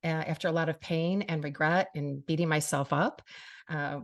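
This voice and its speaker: A middle-aged woman hosts a radio talk show and podcast. She speaks earnestly and from the heart to her listeners, sprinkling in "you know" as she goes. Her voice sits a little low for a woman. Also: fairly even intonation, a little fast. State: briefly tearful. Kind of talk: personal monologue to listeners.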